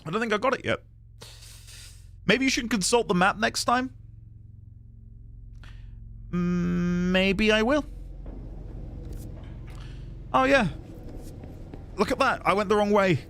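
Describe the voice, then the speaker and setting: A British man streaming a game, talking to his viewers in an animated, self-mocking way. His voice sits a touch high and leaps around in pitch. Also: takes it slowly, long pauses. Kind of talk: gaming commentary.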